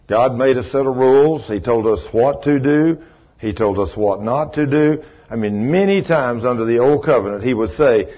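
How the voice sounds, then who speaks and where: A man's voice: medium pitch, slightly rough, highs cut off. A man preaching a sermon to a live congregation, telling folksy stories and asking the audience questions.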